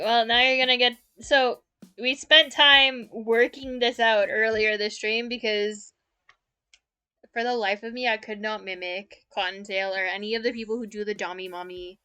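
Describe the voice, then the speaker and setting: Giggly young woman with a bright voice. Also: mid-range voice, clear, resonant tone. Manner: giggly, laughs often between sentences. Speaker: streamer. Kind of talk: casual chat. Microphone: mic very close to the mouth.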